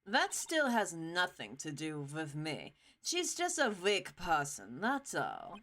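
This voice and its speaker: A woman's voice: fairly low pitch, huge pitch swings, slow, fairly bright tone, slight background noise, voice pushed down, heavily acted. A woman voicing a cold, haughty young female prosecutor with a put-on German accent, curt and dismissive.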